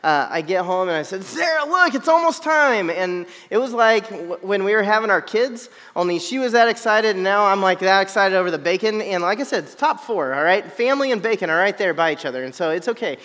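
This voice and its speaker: High-voiced man telling a funny story. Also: quick pace, hardly any pauses, big-room sound. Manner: animated, self-deprecating, often checks in with "right?". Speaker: speaker telling a personal story to an audience. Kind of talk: humorous storytelling.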